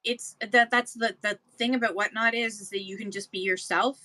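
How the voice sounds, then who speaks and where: A woman's voice: mid-range voice, fairly even intonation, normal speed, bright, forceful tone, low-quality recording. A woman from Canada, co-hosting a casual chat about livestream selling, explaining in a rambling, self-correcting way. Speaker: livestream seller and co-host.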